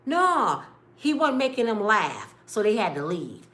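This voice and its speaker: A woman's voice: medium pitch, big pitch swings, unhurried. Impassioned middle-aged woman vlogger, echoey room. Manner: impassioned, swings from quiet and tired to loud and exasperated. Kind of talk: casual storytelling vlog.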